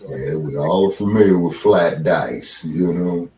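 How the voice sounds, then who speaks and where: A man's voice: low-pitched, a little slow, dark tone, recorded from a distance. A man co-hosting a casual political chat, talking bluntly and profanely with strong emphasis. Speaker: co-host. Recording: roomy echo, set back from the mic.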